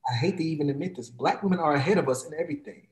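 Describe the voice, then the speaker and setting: A man's voice: fairly high pitch, very fast, roomy sound. A man in heated, profane podcast talk, mocking others in quoted voices.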